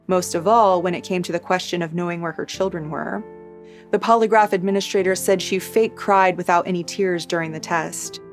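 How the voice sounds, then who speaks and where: A woman hosting a true crime channel, giving a steady, measured scripted narration. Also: medium pitch. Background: soft background music.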